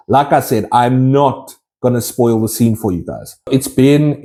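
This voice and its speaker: An enthusiastic man chats straight to his viewers about his collectibles. He rambles and restarts as he goes. His voice is mellow and warm. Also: mid-range voice. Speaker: collectibles vlogger. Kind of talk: casual chat to viewers.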